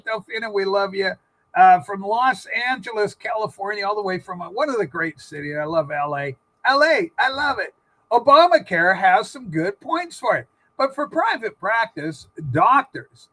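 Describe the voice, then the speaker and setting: A man with a high, bright voice hosts a political livestream chat. He rambles through stories and opinions, stopping often for fillers and restarts. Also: low-quality recording.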